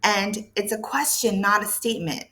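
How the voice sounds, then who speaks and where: A woman's voice: mid-range voice, moderate pace, bright, forceful tone. A woman teaching English to learners, explaining patiently with playful emphasis and sound words. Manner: patient, repeats key points. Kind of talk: explaining lesson to camera.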